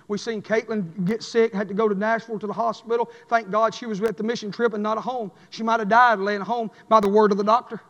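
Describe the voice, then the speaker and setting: Preacher man, very high voice, long church reverb, chanting sermon. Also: little pitch movement, fast, few pauses, lo-fi sound. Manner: chanting, swings between shouting and low drawl. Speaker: pastor. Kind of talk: fiery sermon. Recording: echoey church hall.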